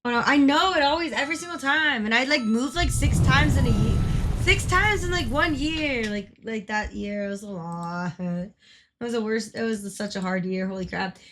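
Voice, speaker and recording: A woman's voice: on the high side, moderate pace, background noise. A young woman livestreaming, chatting casually with viewers, swearing freely and greeting people by name. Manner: chatty and profane, greets viewers, frequent laughs. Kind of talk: casual stream chat. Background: game music.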